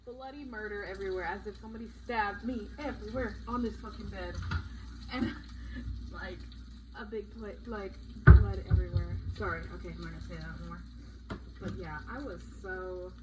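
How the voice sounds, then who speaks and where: A young woman casually retelling a story in a vlog, blunt and animated, swearing often. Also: medium pitch, normal speed, noisy background. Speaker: vlogger.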